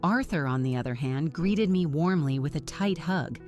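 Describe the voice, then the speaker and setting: A middle-aged woman narrating a first-person family story in an earnest, measured way. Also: low-pitched, lively intonation, darkish tone, faint music behind.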